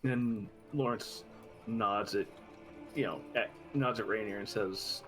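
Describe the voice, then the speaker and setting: A man's voice: lowish voice, slow pace, music in the background, rough recording. A man playing in a tabletop game, describing his character in a thoughtful way. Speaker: player.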